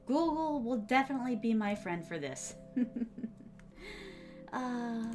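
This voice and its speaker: A young woman streams while she writes and chats easily with her viewers, her voice sitting a little high. Her diction is theatrical and polished, and she calls her audience "my starlings". Soft music plays faintly behind her. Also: animated, slow pace. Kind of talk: casual live-stream chat while writing.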